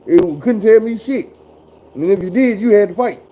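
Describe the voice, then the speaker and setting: A man's voice: sits high, normal speed, mellow, a little hiss or hum, rough recording. Blunt, cussing man in his forties. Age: 40s. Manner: profane, blunt, drawling storyteller. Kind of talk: casual storytelling chat.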